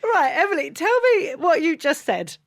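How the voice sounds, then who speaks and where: A woman hosting a podcast interview, prompting her guest with quick interjections. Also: high-pitched, big pitch swings, vocal fry. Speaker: podcast host. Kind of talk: casual interview chat.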